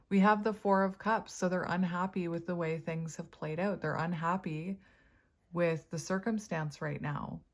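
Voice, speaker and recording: A woman with a somewhat low voice gives a casual tarot reading straight to her viewers. She chats freely, thinks out loud and laughs often as she turns the cards. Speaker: tarot reader.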